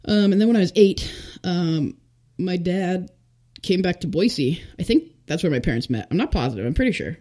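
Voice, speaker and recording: Woman in her twenties, podcast guest, relaxed chatty testimony, lots of "like". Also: fairly low pitch, normal speed. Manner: chatty, full of fillers, acts out quotes. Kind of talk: casual testimony interview.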